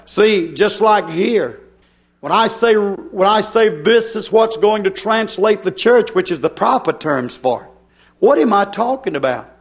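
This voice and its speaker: A man's voice: high-pitched, lively intonation, unhurried. A man preaching a fervent sermon, firing rhetorical questions and rising into emphatic bursts.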